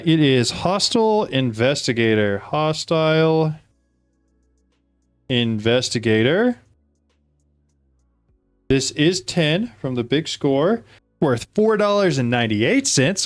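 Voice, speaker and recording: A man hosting a casual card-opening video, chatting excitedly to viewers and reading card text aloud. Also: medium pitch, no echo, clean studio sound.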